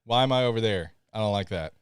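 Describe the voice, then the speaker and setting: A man's voice: lowish voice, fast, clear, resonant tone, dry recording, clean studio sound. A man with a Southern accent hosting a live podcast stream, chatty and apologetic while fixing tech. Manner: chatty, apologetic, laughs often. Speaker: podcast host. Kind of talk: casual live-stream chat.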